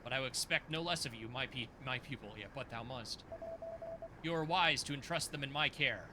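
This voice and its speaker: A man voicing a stern, solemn male angelic mentor in a video game, speaking slowly and formally. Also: medium pitch, noisy background, voice pushed down, lightly acted. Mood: cold. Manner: slow, commanding, formal.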